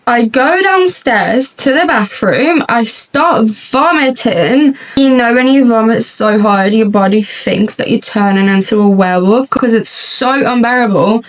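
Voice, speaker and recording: A young woman, a beauty vlogger, chats through a lengthy get-ready-with-me story as she applies makeup, speaking at a measured pace with few pauses and laughing a lot. Her somewhat high voice is picked up by a distant mic, slightly off-axis, in low quality.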